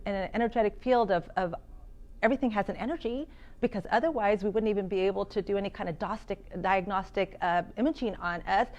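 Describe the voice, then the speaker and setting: A woman's voice: medium pitch, a little mellow, dull audio. A woman giving a health seminar talk to an audience. She acts out quoted voices and self-talk, and often restarts and repeats words.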